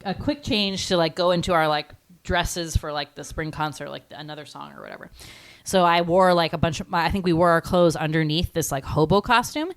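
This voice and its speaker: A woman's voice: fairly low pitch, a little fast, dry recording. A woman in her thirties co-hosting a podcast, telling childhood stories in a rambling way, full of fillers and casual swearing. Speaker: podcast co-host. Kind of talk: casual chat, storytelling.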